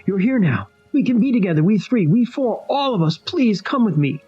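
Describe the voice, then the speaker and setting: A sinister impostor posing as a loved one, as a man puts it on, raised well above his own voice, coaxing and pleading in a soft, unsettling tone. The sound is slightly husky and dull, like a lo-fi home recording. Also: high voice, very animated, moderate pace, faint music behind, voice pushed up, exaggerated voice. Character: eerie impostor spouse, soft-spoken and sinister.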